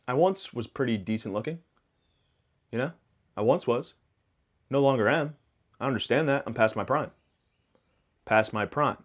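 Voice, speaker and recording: A man hosting a podcast, rambling through a self-mocking comic monologue full of absurd tangents and deadpan hot takes. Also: mid-range voice. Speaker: podcast host.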